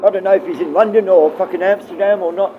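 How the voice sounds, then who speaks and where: A man's voice: sits high, fairly even intonation, fast talker, phone-quality sound, a little hiss or hum. A middle-aged man livestreaming, rambling and swearing casually as he answers his viewers.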